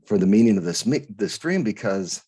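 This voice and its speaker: A man from Idaho recounts a personal experience as an interview guest, his voice low-set and somewhat husky. He talks earnestly and haltingly, restarting phrases and acting out the voices he heard. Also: big pitch swings, mellow. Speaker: guest, author. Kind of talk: storytelling interview.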